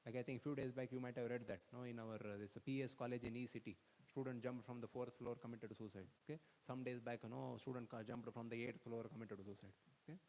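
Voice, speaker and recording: A man rushes through an animated storytelling sermon for a youth audience and keeps checking in with his listeners. His voice sits at an ordinary pitch for a man, and a long hall reverb trails behind him. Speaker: speaker at a youth festival.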